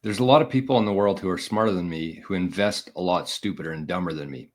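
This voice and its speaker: A man's voice: deep voice, fast. A man hosting a casual solo show, talking in a chatty, opinionated way and often correcting himself mid-sentence. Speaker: podcast host.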